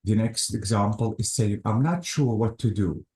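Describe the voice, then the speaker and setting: A man's voice: on the low side, moderate pace, dark tone. A man teaching English grammar in a methodical classroom style, walking through examples step by step and leaning on words like "notice" and "absolutely". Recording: echoey room.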